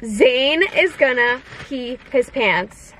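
A young woman in her twenties chatting casually to her viewers as she opens gifts, gushing and gasping with excitement. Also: sits high, slow, low-quality recording. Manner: gushing, excitable, gasps often. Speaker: vlogger. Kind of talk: casual unboxing chat.

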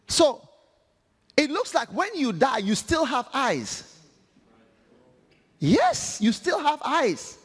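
High, lively-voiced male preacher. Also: slow, pauses often. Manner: animated, humorous, acts out scripture. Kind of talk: sermon. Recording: long hall reverb.

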